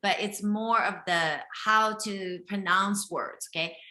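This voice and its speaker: A woman's voice: mid-range voice, steady tone, slow pace, sharp tone, reverberant. A woman from Japan with a slight Japanese accent and Japanese as her first language, hosting a live health reading and talking directly and insistently, often checking in with "okay?". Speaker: intuitive health reader hosting a live session. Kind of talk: live one-on-one reading with a participant.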